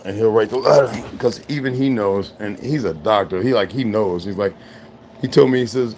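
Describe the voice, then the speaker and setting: A man's voice: fairly low pitch, fast talker, darkish tone, a little hiss or hum. A man hosting his own channel, mixing a blunt, profane rant with reading a text aloud, recorded at home. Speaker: channel host.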